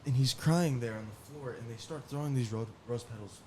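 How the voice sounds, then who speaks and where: A man telling casual stories on a podcast, animated and often laughing as he acts out what others said. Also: medium pitch, brisk, background noise. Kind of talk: casual storytelling.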